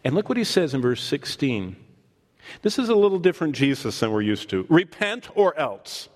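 Guy preaching a sermon, lively, does the voices, mid pitch, lots of hall echo. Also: fairly quick. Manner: animated, acts out scripture in voices. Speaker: pastor. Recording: long hall reverb.

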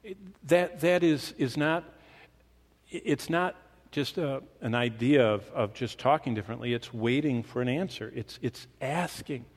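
A man preaching a sermon to a congregation, animated, with his pace and volume shifting for emphasis. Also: medium pitch, measured pace. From Michigan. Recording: long reverb of a hall.

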